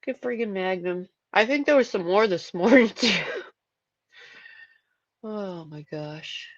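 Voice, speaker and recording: A woman's voice: medium pitch, slow, no room sound. A woman hosts a casual livestream, rambling on and restarting her sentences as she thinks aloud. The audio is dull and lo-fi, with a dry, close sound and no room around her voice. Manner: chatty, rambling, repeats words. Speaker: livestream host.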